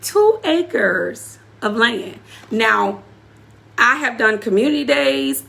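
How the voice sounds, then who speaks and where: A slightly high, gravelly, somewhat bright voice belongs to a woman who is an apostle and community leader giving heartfelt personal testimony. Speaking directly to those gathered live, she preaches and returns to key phrases for emphasis.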